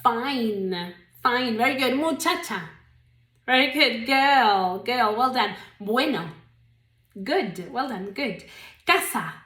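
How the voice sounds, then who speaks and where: A woman with an Australian accent teaching English, slowly and carefully modeling each word's pronunciation for learners. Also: fairly high pitch, fairly bright tone. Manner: slow, deliberate pronunciation modeling. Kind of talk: language lesson drills. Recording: roomy echo.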